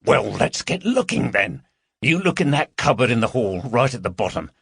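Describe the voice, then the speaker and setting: A man's voice: mid-range voice, very animated, normal speed, vocal fry, a bit bright, slightly rough, pitched above the performer's own voice, full character voice. Man doing a harsh, hissing burglar. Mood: tetchy, urgent. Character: tetchy, bossy male burglar neighbour.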